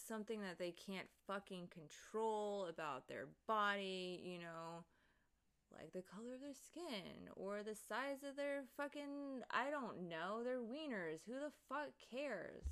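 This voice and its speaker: A young woman livestreaming, chatting casually and rambling with lots of swearing and laughing asides as she reads the chat. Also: on the high side.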